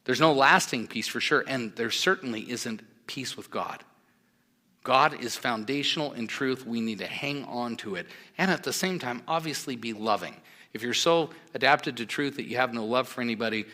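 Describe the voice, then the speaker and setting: A man's voice: mid-range voice, moderate pace, sharp tone. A man preaching a sermon, earnest and emphatic, with conversational asides to the congregation. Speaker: pastor.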